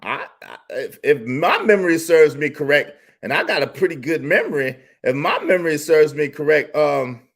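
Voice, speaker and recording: Animated man ranting on a stream. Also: a little high, moderate pace, few pauses. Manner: theatrical, mocking, swings from shouting to muttering. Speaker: streamer host.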